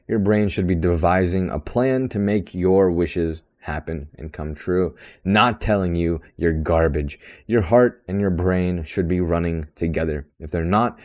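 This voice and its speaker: Deep-voiced young man ranting. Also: a little mellow. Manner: ranting, blunt and sarcastic; talkative and extroverted. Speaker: podcast host. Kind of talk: solo podcast monologue.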